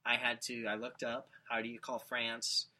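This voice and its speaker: A man in casual comedic chat, telling absurd made-up stories in a deadpan way. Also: medium pitch, moderate pace, poor audio.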